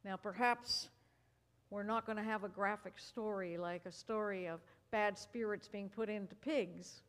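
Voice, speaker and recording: A woman minister reading scripture as an expressive story, then preaching with measured pauses. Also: mid-range voice. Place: church sanctuary. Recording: reverberant church hall.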